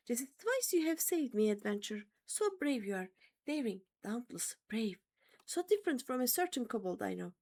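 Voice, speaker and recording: A woman's voice: high voice, a little mellow. A woman voicing a timid, fretful female kobold alchemist who strings synonyms together. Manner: repeats herself in lists of synonyms.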